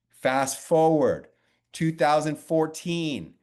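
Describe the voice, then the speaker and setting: A man with a fairly high voice coaches a guest on how to use her TV clips. He is blunt and animated and drops casual swear words into a long story about his past. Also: unhurried. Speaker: media coach.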